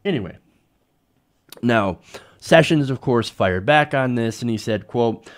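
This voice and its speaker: Male host, live political commentary, sarcastic and indignant, very lively pitch swings. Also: measured pace, long pauses.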